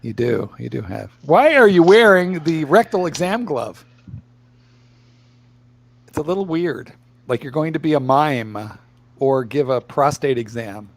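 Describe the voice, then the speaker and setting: A wisecracking man co-hosts a casual livestream, laughing often. His voice is gravelly with plenty of fry and a pitch that swings widely. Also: lively intonation, unhurried, pauses often. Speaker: livestream co-host.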